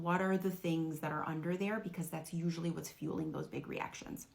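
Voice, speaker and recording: A woman's voice: deep voice, fairly even intonation, a little fast, hardly any pauses, a little mellow. A woman who works as a parenting coach, giving direct, earnest advice to camera.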